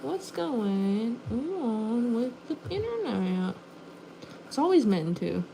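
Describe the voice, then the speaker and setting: A woman nail artist chatting casually on a livestream, animated and full of "like", talking while she works in her nail studio. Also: on the high side, slow, vocal fry, a little hiss or hum, low-quality recording. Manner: chatty, animated, says "like" often. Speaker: nail artist streaming live.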